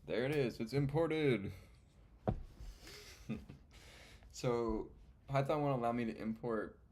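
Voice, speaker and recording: In a relaxed screen-recorded coding session, a novice programmer talks loosely to himself as he works through exercises, frequently letting sentences fade out. His voice is medium-pitched and moderately paced, with background noise present.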